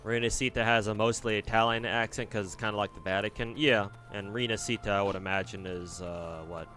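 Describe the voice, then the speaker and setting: A man's voice: lowish voice, fairly even intonation, a little fast, pushed and bright. A man streaming a game, thinking aloud in a rambling, casual way and swearing now and then. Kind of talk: casual gameplay commentary. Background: faint game music.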